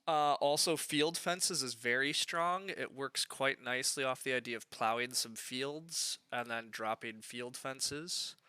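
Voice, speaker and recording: Bright, crisp man streaming a game. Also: mid-range voice, unhurried, few pauses, no echo. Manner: thinking aloud, chatty, lots of fillers. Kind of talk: live game stream commentary.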